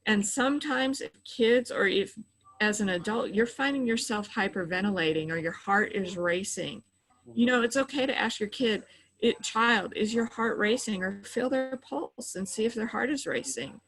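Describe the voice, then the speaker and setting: A middle-aged woman who works in mental health offers practical guidance in a relaxed interview. She explains step by step in a patient manner, with plenty of "you know" fillers. Her pitch is ordinary for a woman. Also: moderate pace, rough recording. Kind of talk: advice in a conversational interview.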